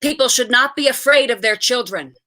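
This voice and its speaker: A woman reading a story aloud, voicing a gruff older grocer who scolds a child. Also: fairly high pitch, brisk, bright, forceful tone, voice pushed up. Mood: scolding.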